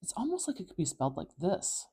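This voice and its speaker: Low, mellow-voiced woman teaching phonetics. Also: wildly swooping pitch, quick pace. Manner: clear, precise, emphatic explanations. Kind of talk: tutorial lesson.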